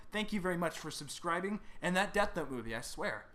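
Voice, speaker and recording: Bright-voiced young man thanking subscribers. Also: high voice, fast, few pauses. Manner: reads names, stumbles and apologizes. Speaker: YouTuber. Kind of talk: casual thank-you vlog.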